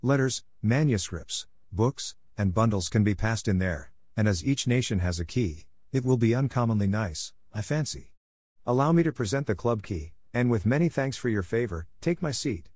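A man's voice: lowish voice, expressive, moderate pace, darkish tone, dry recording. A man reading aloud, voicing a charming teenage boy who makes a mock-formal, engaging speech. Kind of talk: audiobook character voice.

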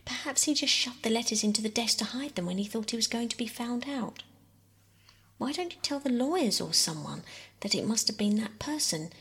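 A woman softly voicing an earnest, worried young girl in a whispered role-play reading. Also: a little high, expressive, a little fast, voice pushed up. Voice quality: soft whisper.

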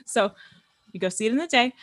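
A woman in her late twenties co-hosting a podcast, talking in a rambling, animated way and laughing often. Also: on the high side, fast talker, no echo, studio quality. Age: late 20s. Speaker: podcast co-host. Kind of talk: casual chat.

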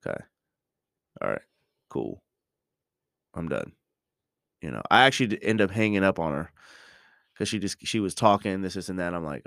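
A man's voice: sits low, big pitch swings, moderate pace, gravelly, long pauses, a bit bright, no room sound, studio quality. A middle-aged man hosting a podcast, talking in a casual, reflective monologue full of restarts and ums. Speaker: podcast host.

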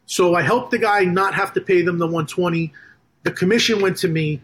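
High-voiced man telling a business story. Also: brisk. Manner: animated storyteller who acts out quoted conversations. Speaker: guest, business funder. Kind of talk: casual storytelling in a podcast interview.

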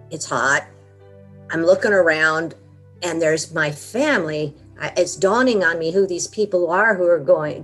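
A woman's voice: on the low side, a bit bright, husky. Earnest woman telling a vivid story. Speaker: interview guest. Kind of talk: storytelling in an interview.

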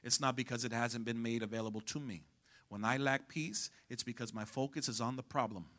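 A man preaching a sermon as pastor, calling out to the congregation to respond and rising to shouts at the peaks. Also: medium pitch, fairly even intonation, brisk. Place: church sanctuary.

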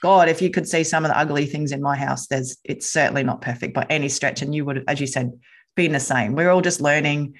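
A woman podcast host in easy interview chat. She talks in a chatty, animated way, sometimes jumping into playful voices. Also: low-pitched, a little fast.

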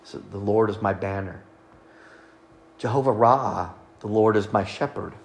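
A man's voice: lowish voice, a little slow, gravelly, a little hiss or hum. Man, preacher, sermon, teaching tone, reading scripture aloud.

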